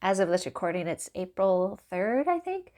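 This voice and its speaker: A woman vlogging casually to camera, animated and exasperated, laughing and acting out the exchanges as she tells them. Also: medium pitch, moderate pace. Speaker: small business vlogger. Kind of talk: casual ranting vlog to camera.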